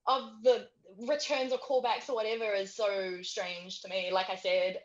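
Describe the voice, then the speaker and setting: A woman's voice: mid-range voice, steady tone, moderate pace. Woman guest with an accent, giggly and rambling, heard over a dull, slightly muffled video call with headphones. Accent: non-native English accent. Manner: giggly, trailing off with fillers. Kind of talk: casual interview chat.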